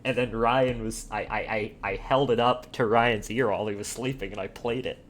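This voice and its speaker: A man's voice: fairly low pitch, steady tone, moderate pace, a little hiss or hum. A young man chatting casually with friends, laid-back and often laughing. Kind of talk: casual chat among friends.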